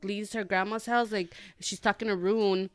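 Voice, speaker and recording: A young adult woman hosting a podcast, telling a story in a loose, animated ramble with lots of fillers. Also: mid-range voice, moderate pace, clean tone, dry recording. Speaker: podcast host. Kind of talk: casual chat.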